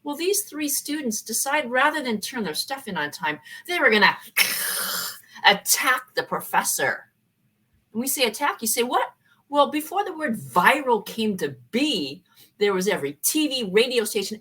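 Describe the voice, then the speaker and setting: A former college professor, a woman, tells her personal story in an animated way, slipping into the voices of the people in it. Her voice is bright and a little high, and her pitch swings widely as she speaks. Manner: animated, acts out dialogue.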